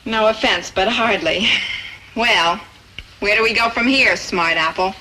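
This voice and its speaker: A woman's voice: mid-range voice, measured pace, bright, forceful tone, a little hiss or hum, low-quality recording. An actress playing a blunt, practical young woman friend in a 1960s sitcom, dry and matter-of-fact.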